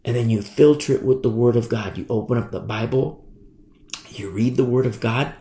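A middle-aged man preaching a sermon as pastor, animated and repetitive, with many asides. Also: medium pitch, moderate pace, reverberant.

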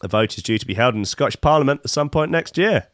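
A man's voice: medium pitch, expressive, fast talker, no room sound. A man hosting a podcast, riffing sarcastically on news stories, with a mid-range voice. He rambles, restarts and drifts into jokes. The sound is dry and close. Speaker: podcast host. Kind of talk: comic news commentary.

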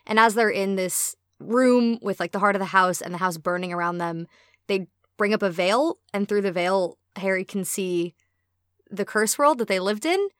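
A woman's voice: mid-range voice, moderate pace, a bit bright, clear, resonant tone, no echo, studio quality. A woman co-hosting a casual chat, retelling a story with quoted lines and the odd swear. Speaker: podcast co-host.

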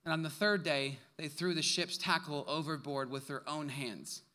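A young adult man preaching a sermon to a congregation, telling stories in an animated way with quick asides and laughs. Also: a little high. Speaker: pastor.

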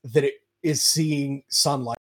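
A man's voice: medium pitch, fairly even intonation, takes it slowly. A man in casual podcast chat, playfully dramatic and exaggerating for effect.

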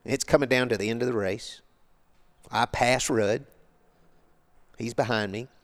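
A guest on an interview show, this older man has a medium-pitched, unhurried voice. He casually spins rambling stories in colloquial language.

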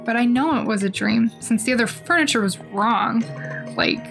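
A woman's voice: fairly high pitch, normal speed, vocal fry, over music. Giggly, chatty female podcast host. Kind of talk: casual chat and reading stories aloud.

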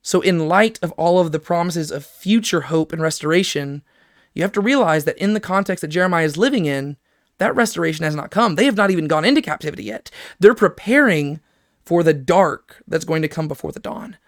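A man's voice: a little high, expressive, a little fast, no room sound. Man teaching scripture, dry close sound. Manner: explanatory, reads scripture aloud, frequent "right?" check-ins. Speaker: Bible teacher. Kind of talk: scripture lesson.

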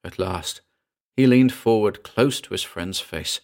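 Low-voiced man narrating a ghost story. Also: measured pace, a little mellow. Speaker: audiobook narrator.

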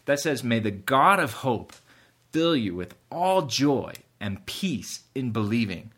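A man's voice: medium pitch, sing-song, slow, a bit bright. A man preaching a sermon earnestly, rising in emphasis at key points. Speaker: pastor.

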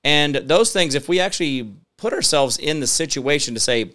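Man, show host, smooth clear voice, mid pitch, rambling live commentary. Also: moderate pace, hardly any pauses, bright, forceful tone. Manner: rambling, emphatic, many fillers and restarts. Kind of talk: live-stream commentary reading viewer comments.

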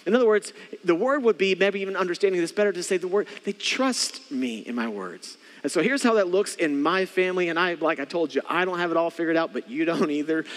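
A male pastor delivers an earnest sermon in a fairly high voice, repeating his phrases and dropping to hushed, quiet words for emphasis. A long reverb rings around him, as though he's preaching in a large church hall.

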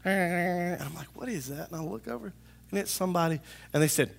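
Man pastor, emphatic sermon, call-and-response, gravelly voice. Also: sits high, fairly quick. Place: church service.

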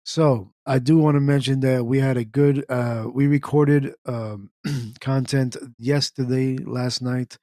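Casual man hosting a podcast, flat voice. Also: medium pitch, takes it slowly, no room sound, clean studio sound. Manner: loose and chatty, with fillers and throat clearing. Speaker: podcast host. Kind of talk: casual solo podcast talk.

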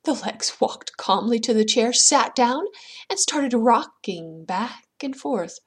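Woman, podcast host, storyteller, dramatic, higher voice, husky tone. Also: animated, slow. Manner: dramatic, dipping into whispers for suspense. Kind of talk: storytelling a folktale.

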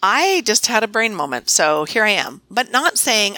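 A woman's voice: mid-range voice, big pitch swings, unhurried, pushed and bright, no room sound. A middle-aged woman, a veterinarian, telling stories in a casual podcast conversation with many restarts. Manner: chatty, storytelling with many restarts. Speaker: veterinarian and guest.

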